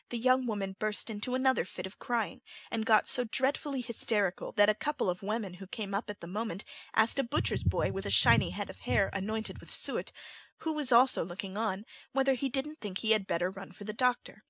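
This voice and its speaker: Brief: female audiobook narrator, mid pitch, measured storytelling, dry studio sound. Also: a bit bright, no echo, poor audio.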